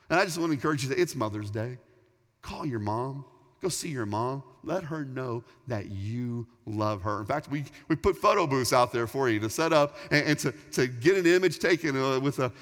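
A man's voice: medium pitch, a bit bright. A middle-aged man preaching a sermon as pastor, earnest and emphatic, often repeating words as he builds a point. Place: large church hall. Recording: long hall reverb.

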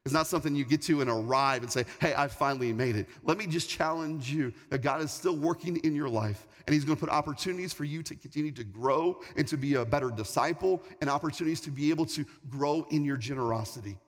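A man's voice: a little high, fast, hardly any pauses. Man preaching in an echoing church hall. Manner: conversational, repetitive, storytelling. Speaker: pastor. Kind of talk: sermon. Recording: long hall reverb, faint music.

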